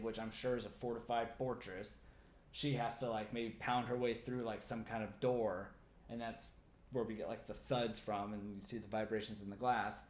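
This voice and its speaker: A man hosting a comic theory video, talking casually and excitedly with lots of "like" fillers. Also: lowish voice, roomy sound, a little hiss or hum. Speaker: comic theory channel host.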